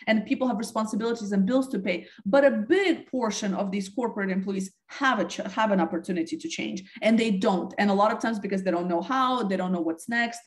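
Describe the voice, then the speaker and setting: A woman's voice: mid-range voice, fairly quick, few pauses. Woman guest talking through ideas. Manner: thoughtful, restarts phrases often. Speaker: podcast guest, talent development head. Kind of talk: conversational interview.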